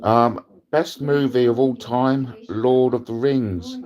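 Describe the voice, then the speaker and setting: A man's voice: medium pitch, takes it slowly, muffled recording. A British man hosting a rambling livestream from his bed, crude and jokey, swearing freely. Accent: British English. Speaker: host. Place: in bed at home.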